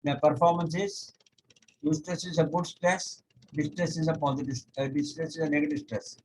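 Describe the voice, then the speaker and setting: Higher-voiced man teaching an online yoga class. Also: level tone, darkish tone, slight background noise, poor audio. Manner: explains step by step, often pausing with "okay"; chants scripture verses slowly. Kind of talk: online lecture. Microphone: video call.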